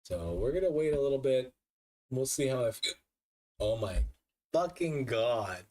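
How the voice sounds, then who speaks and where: A man's voice: mid-range voice, big pitch swings, a little slow, darkish tone, far from the mic. A drunk man who keeps hiccuping, chatting casually on a live stream, swearing a lot and laughing at himself.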